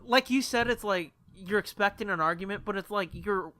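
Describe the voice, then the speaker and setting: A man's voice: sits high, moderate pace, sharp tone. A man co-hosting a podcast, telling a long, profane, rambling story in casual chat. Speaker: podcast co-host.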